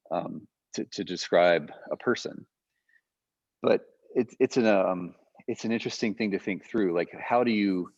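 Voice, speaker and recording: Low-voiced man lecturing conversationally. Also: dry recording. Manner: loose, thinking aloud with fillers. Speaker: guest lecturer. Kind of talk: conversational teaching. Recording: muffled lo-fi audio.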